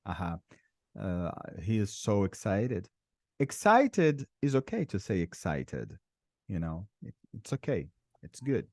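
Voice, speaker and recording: A Brazilian man teaching an online English lesson, patient and slow, repeating words for his students. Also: fairly low pitch, sing-song, darkish tone, no echo, clean studio sound. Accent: Brazilian Portuguese. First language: Portuguese.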